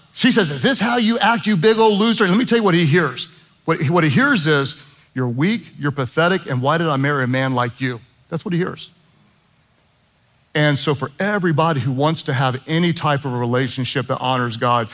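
A man's voice: on the high side, fairly bright tone. A middle-aged man preaching a sermon as pastor, emphatic and impassioned, with jokey asides.

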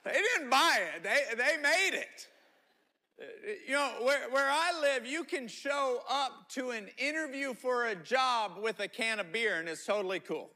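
High, bright-voiced pastor preaching. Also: male voice, unhurried. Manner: animated storytelling with repeated words and laughs. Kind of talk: sermon.

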